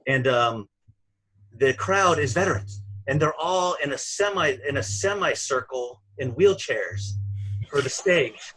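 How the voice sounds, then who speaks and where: A man's voice: mid-range voice, animated, measured pace, a bit bright, breathy edge, poor audio. A man, a stand-up comedian, telling a story in casual, profane, rambling talk and laughing at his own jokes.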